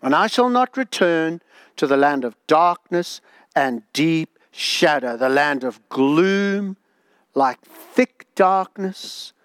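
A man preaching a sermon, dramatic, moving from soft drawn-out phrases to emphatic outbursts. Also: on the high side, smooth, no echo, studio quality.

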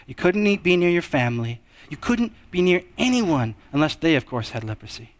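A young man preaching a sermon, with a delivery that moves between hushed, slow passages and raised, emphatic ones. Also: on the high side, very animated.

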